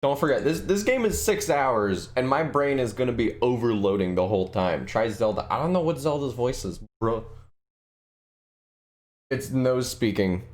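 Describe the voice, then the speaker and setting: A man's voice: mid-range voice, lively intonation, normal speed. A man streaming a game live, chatting casually with viewers and rambling through their requests. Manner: rambling, answers chat requests, restarts sentences. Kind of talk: casual live-stream chat while gaming.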